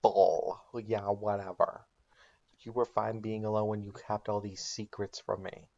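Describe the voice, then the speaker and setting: A man's voice: on the low side, level tone, measured pace, vocal fry, darkish tone, dull audio. A man voicing a weary, torn mother who pleads and argues, in a comedic made-up recap. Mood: scoffing.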